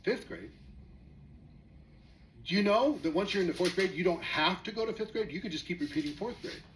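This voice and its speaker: A man's voice: high voice, fast, a bit bright, slight background noise, rough recording. A man speaking as a network marketing presenter, telling a story with rhetorical questions to his audience in a motivational talk.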